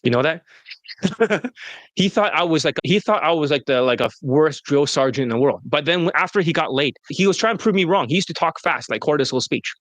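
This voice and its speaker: A man's voice: on the high side, expressive, brisk, a bit bright, dry recording. Blunt, profane male dating coach. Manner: blunt and profane, laughs often. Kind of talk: casual interview talk.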